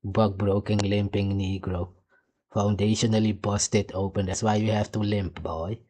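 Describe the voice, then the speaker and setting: A man with a somewhat low voice delivers heated reaction commentary. He is mocking and argumentative, throwing insults as he picks apart a clip. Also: level tone, unhurried, dark tone. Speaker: commentary host reacting to clips.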